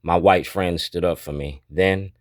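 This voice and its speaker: A man's voice: low voice, fairly even intonation, a little slow, dry recording, studio quality. A man, an activist, walking through his documentary and pointing things out one by one in a blunt, declarative way. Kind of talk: narrated documentary walkthrough.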